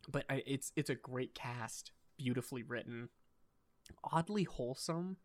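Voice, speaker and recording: A man's voice: mid-range voice, a little slow. A young adult man hosting a podcast in casual chat, rambling and enthusiastic, swearing casually. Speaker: podcast host.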